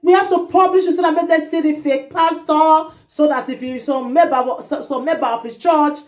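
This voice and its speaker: A woman vlogger with a Nigerian Pidgin accent, telling a gossip story to her viewers in an animated, indignant way. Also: high voice, moderate pace. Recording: roomy echo.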